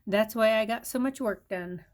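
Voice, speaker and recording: A woman's voice: a little high, normal speed, close to an everyday voice. A grandmother reading aloud, voicing a busy male squirrel who gathers acorns and speaks up indignantly. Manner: shouting, indignant.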